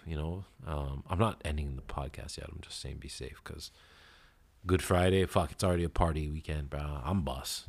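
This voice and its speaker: A man's voice: deep voice, gravelly. A man hosting a casual solo podcast, laid-back and rambling, swearing freely with lots of fillers and a little out of breath. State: out of breath after push-ups. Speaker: podcast host.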